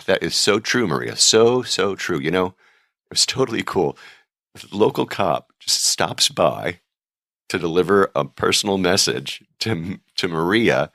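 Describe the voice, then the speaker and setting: A man's voice: extremely low pitch, gravelly, fairly bright tone, no room sound, studio quality. A man hosting a podcast in a casual, rambling way, chatting and reading listener mail aloud. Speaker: podcast host.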